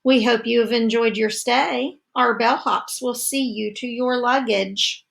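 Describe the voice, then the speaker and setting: A woman's voice: on the high side, fairly even intonation, measured pace, gravelly, a bit bright, heavily acted. A woman voicing small mice who run a hotel, speaking with sweet, formal politeness. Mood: polite.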